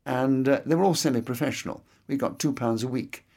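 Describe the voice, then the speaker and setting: An older man speaks in crisp, carefully enunciated English that carries a faint Scottish lilt. His voice has a gravelly edge of fry, and he talks in a reflective, anecdotal way, as a guest in an interview. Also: mid-range voice, a little fast, darkish tone. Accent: faint Scottish inflection in educated English. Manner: articulate, precise diction, anecdotal. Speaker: interviewee, veteran entertainer.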